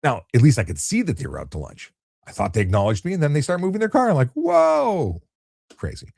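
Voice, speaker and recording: A man, a traffic cop, hosting a relaxed late-night live chat and answering viewer questions in an easygoing way, often repeating words as he restarts. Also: medium pitch, rapid-fire, slightly rough, dry recording, clean studio sound. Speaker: traffic cop and livestream host.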